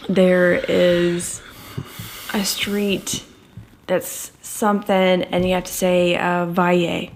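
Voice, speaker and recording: A woman's voice: on the low side, completely flat delivery, takes it slowly, a little hiss or hum. A young woman co-hosting a casual vlog, teasing her partner playfully with lots of laughter. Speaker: vlog co-host. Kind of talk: casual chat.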